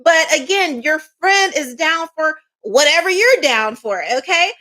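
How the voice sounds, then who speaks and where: A chatty woman with a high, bright voice gives a casual tarot reading to camera. She rambles loosely in slang, checks in constantly with "okay?" and laughs easily between thoughts. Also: animated, measured pace, poor audio. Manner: laughs often, swears casually. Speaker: psychic reader.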